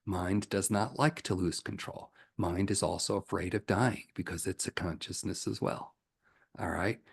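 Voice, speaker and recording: A spiritual coach answering questions from viewers, he tells stories in an animated way and laughs often. His voice is low and gravelly, with a husky, rough grain. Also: normal speed. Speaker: ascension coach. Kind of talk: spiritual teaching Q&A.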